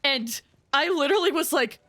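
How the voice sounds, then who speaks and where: A young woman streamer chatting casually to her audience while playing, rambling through stories and giggling often. Her voice is high-pitched and bright. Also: lively intonation, moderate pace. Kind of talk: casual live-stream chat.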